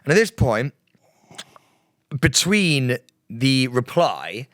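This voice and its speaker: With a mid-range voice and a slow delivery, this young British man co-hosting a podcast recounts a story in easygoing conversation. He stays animated, laughing often and acting out quotes, and the sound is clean studio audio with no room sound.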